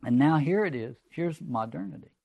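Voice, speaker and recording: A man's voice: fairly high pitch, lively intonation, normal speed, vocal fry, no echo, highs cut off. A man giving a reflective, digressive literature lecture and reading passages aloud. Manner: reflective, digressive, conversational asides.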